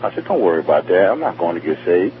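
A New York man with a matching accent tells his personal testimony in a deep, sing-song voice at a quick pace, rambling, repeating himself and acting out dialogue. It comes through a tinny, phone-like radio broadcast with slight background noise.

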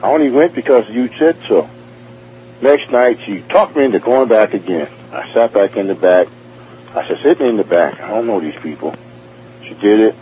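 His fairly low voice has lively intonation and a normal speed as this New York-accented man recounts his personal testimony. He rambles, repeats points and acts out dialogue, heard over a tinny phone-like radio broadcast with slight hiss or hum.

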